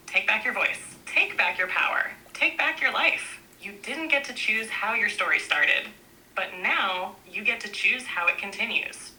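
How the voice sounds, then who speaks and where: A woman narrating a book aloud in a gentle, reassuring way, speaking in short, repeated affirmations. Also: medium pitch, low-quality recording.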